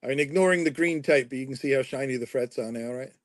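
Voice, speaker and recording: A man from Canada chatting easily on a live stream, relaxed and often trailing off quietly. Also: medium pitch, quick pace, a crowd in the background, low-quality recording. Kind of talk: casual live-stream chat. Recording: dry close sound.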